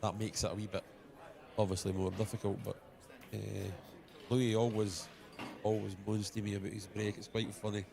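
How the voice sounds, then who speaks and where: Gravelly low-voiced Scottish commentator. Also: male voice, level tone, moderate pace, long pauses, crowd noise. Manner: chatty, anecdotal, colloquial. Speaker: pool commentator. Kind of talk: live sports commentary.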